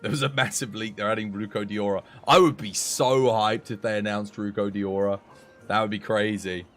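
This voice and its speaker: A man's voice: fairly low pitch, fairly even intonation, normal speed, a bit bright. A man from the United Kingdom with a British English accent, a game streamer talking casually and sarcastically in a joking, rambling way. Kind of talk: casual live-stream chat.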